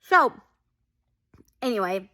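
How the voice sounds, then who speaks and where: Woman, high voice, casual show recap, rambling, gushing. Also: big pitch swings, slow, sharp tone. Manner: gushing, rambling, full of "like" and quoted reactions. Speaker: TV show reviewer.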